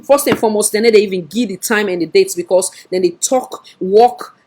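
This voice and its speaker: A woman's voice: mid-range voice, a little fast, noisy background. A woman with a Sierra Leonean Krio accent giving scolding political commentary on a livestream, firing off rhetorical questions.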